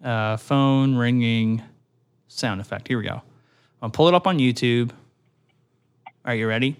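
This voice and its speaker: A man hosting a podcast in casual chat, animated and quick to laugh loudly. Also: mid-range voice, clear, resonant tone. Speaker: podcast host.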